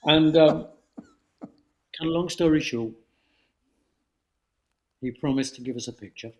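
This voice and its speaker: A man in his seventies from London's East End with a London accent, a guest telling lively anecdotes and slipping into voices. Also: on the high side, a little slow. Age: 70s. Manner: animated storyteller, slips into voices. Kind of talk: casual anecdote.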